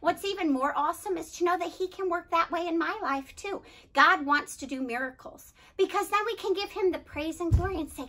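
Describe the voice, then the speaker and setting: A woman's voice: very high voice, fairly quick. A woman leading a children's club, talking playfully to kids at home and telling them a story. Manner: lively and playful, addressing kids directly. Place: church setting, streamed to children at home.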